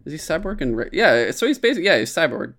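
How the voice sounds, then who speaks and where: Male podcast co-host, eager fact-lister, halting casual delivery. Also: on the high side, sing-song, a bit bright. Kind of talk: casual chat.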